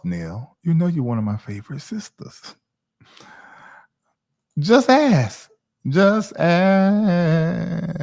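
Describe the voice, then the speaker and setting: A man in his forties from the South, chatting casually on his livestream in a rambling, animated way. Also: mid-range voice. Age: 40s. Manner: rambling, animated, talks to chat viewers by name. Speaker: livestream host.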